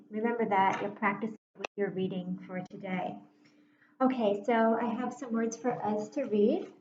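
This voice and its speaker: A woman teacher giving a slow, patient phonics lesson to young children, sounding words out and inviting them to read along. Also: mid-range voice, slight background noise. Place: room at a whiteboard. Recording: echoey room, dull muffled sound.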